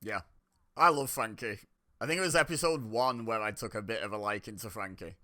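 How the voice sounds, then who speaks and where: A man's voice: fairly low pitch, fairly quick, bright, forceful tone. A man talking casually as he reacts to a reality show, chatty and exasperated. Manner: chatty, exasperated, laughs often. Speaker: reaction video host.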